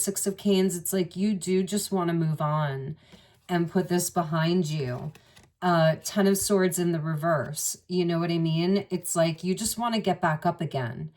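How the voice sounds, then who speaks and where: Brief: woman tarot reader, lowish voice, intimate and musing, set back from the mic. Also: a little mellow, far from the mic. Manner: musing, intimate, speaks straight to the listener. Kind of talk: spoken tarot reading to the viewer.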